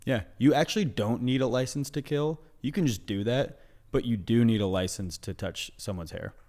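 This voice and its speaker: A man's voice: medium pitch, normal speed, a little mellow. A young man co-hosting a comedy podcast, talking in a laid-back, hedging way full of "you know". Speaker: podcast co-host. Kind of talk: casual comedic chat.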